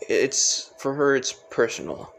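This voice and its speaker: Guy doing a nice teen boy, gentle, gravelly voice. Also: mid-range voice, sing-song, unhurried, slight background noise, heavily acted.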